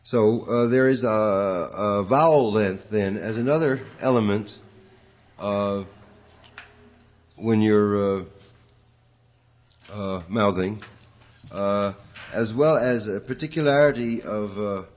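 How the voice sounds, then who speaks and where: A man's voice: fairly low pitch, slow pace, darkish tone. A man lecturing a poetry class, rambling and hesitant, chanting rhythms aloud to show them. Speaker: poetry teacher.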